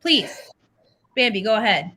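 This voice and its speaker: A woman's voice: mid-range voice, animated, a little slow, pushed and bright, husky. A woman hosting a heated live stream, pleading with guests to stay on track and swearing under strain.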